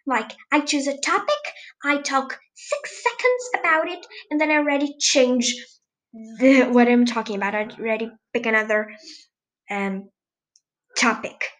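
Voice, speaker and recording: A woman's voice: sits high, measured pace, a bit bright, low-quality recording. Giggly, scatterbrained teen girl podcaster. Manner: giggly and scatterbrained, laughing often and losing her thread; exclamations and filler "um"s. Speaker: podcast host. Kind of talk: solo casual podcast chat.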